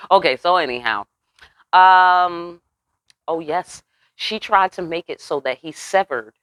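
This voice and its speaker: A woman's voice: no room sound, rough recording. Profane, slangy woman reading tarot. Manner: profane, slangy, keeps checking in with the listener; swoops high and loud for emphasis. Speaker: tarot reader. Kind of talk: casual tarot reading monologue.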